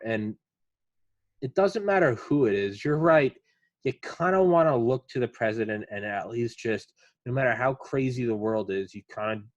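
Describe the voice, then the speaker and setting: A man's voice: lowish voice, no room sound. A man hosting a podcast, talking casually and rambling, swearing often and retelling stories in quoted voices. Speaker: podcast host.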